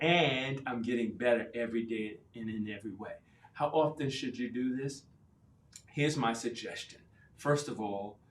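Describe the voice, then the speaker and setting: A man coaching caregivers in an earnest, encouraging way, stressing his affirmations again and again. His voice sits at a middle pitch and carries the echo of a bare room, with faint ambient noise around it. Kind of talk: motivational talk to camera.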